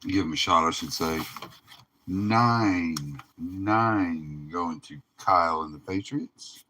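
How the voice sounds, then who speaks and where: Tired, slow-talking man hosting a card break. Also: low voice, sharp tone. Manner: laid-back, drawling, laughs often. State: tired, yawning. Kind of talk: casual livestream commentary.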